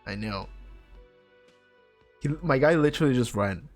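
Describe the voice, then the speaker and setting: A man's voice: mid-range voice, lively intonation, normal speed, soft background music. A man streaming a video game, giggling and reading the on-screen text aloud in casual commentary. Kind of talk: casual let's-play commentary.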